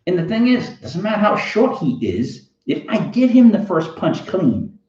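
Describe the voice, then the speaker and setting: A man with a Boston accent hosting a fantasy football show, telling a rambling, animated story in a casual monologue. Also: high voice, normal speed. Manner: rambling, animated, self-interrupting. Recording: roomy, dull lo-fi sound.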